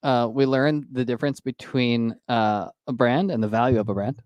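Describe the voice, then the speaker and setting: A man's voice: mid-range voice, normal speed, no room sound, muffled recording. A man co-hosting a casual podcast, answering earnestly and hesitating a lot. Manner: hesitant, many fillers, earnest. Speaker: podcast co-host. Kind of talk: casual chat.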